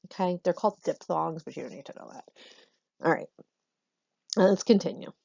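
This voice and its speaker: A woman's voice: lowish voice, moderate pace, gravelly, a little mellow, husky, dry recording, highs cut off. A woman teacher explaining a lesson patiently to students in a recorded online class, with frequent ums.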